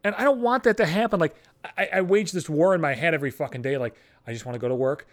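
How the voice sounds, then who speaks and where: A man's voice: a little high, fast talker, dry recording, studio quality. Blunt, foul-mouthed man ranting. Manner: blunt, heavy swearing, animated. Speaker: podcast host. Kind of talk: profane storytelling rant.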